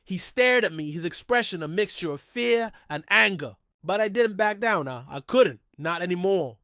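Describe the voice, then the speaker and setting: A man's voice: high voice, expressive, normal speed, bright, forceful tone, no room sound, studio quality. A man narrating a dramatic, emotional first-person story.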